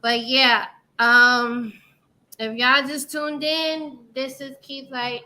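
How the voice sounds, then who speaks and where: A woman from New York hosting a casual livestream chat, loud and laughing with lots of swearing. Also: high-pitched, level tone, takes it slowly. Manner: loud, laughing, profane banter. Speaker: livestream show host. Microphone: livestream setup, video call.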